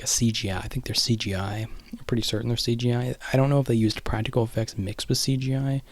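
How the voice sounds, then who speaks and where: A man's voice: on the low side, no room sound. A man casually rambling through a film retelling, full of "you know" and "like".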